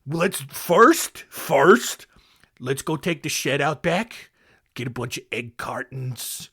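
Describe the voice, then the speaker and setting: A man's voice: medium pitch, expressive, slow, pushed and bright, slightly rough, exaggerated voice. A man putting on the voice of a smug, sinister scheming man as he mocks him on a podcast. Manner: drawling, smug put-on voice.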